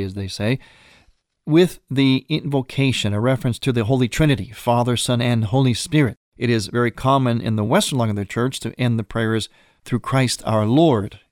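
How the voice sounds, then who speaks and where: A man, a priest, explaining the liturgy in a measured, reverent way and reading prayers aloud, rising in pitch on key words. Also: no room sound, studio quality.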